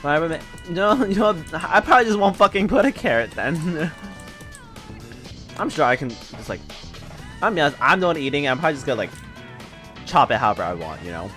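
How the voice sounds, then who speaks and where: Very animated and talking fast, a young man with a fairly high, slightly bright voice rambles through stories while gaming on stream, full of fillers and laughter. Faint music plays behind him.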